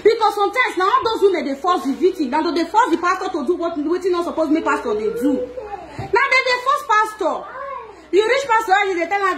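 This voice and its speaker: A woman with a Nigerian Pidgin accent talking through gossip in an animated, scolding way with frequent laughs. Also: extremely high pitch, fairly quick. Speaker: gossip vlogger. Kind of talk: casual gossip monologue.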